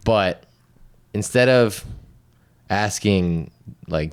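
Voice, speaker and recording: A man's voice: low-pitched, normal speed. A man co-hosting a comedy podcast, chatting casually and teasing his friend, laughing often. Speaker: podcast co-host.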